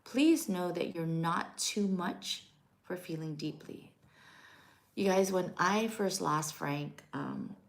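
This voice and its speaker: A middle-aged woman and widow coaching grieving listeners on a live stream, gentle and reassuring, often checking in with "right?". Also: fairly low pitch, lively intonation, takes it slowly, gravelly.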